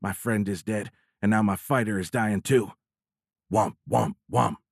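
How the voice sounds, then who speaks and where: A male audiobook narrator voicing a gentle, wry man who is a fighter pilot, in a quiet low voice. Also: fairly even intonation, normal speed, no room sound, studio quality, lightly acted. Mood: tense.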